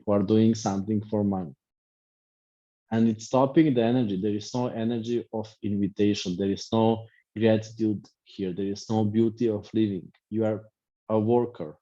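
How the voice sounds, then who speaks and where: A man's voice: on the low side, dark tone. A middle-aged man, a life coach teaching an online class in short, reflective, repetitive phrases. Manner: speaks in short reflective phrases, repeats himself. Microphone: video call. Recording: dull lo-fi video call audio.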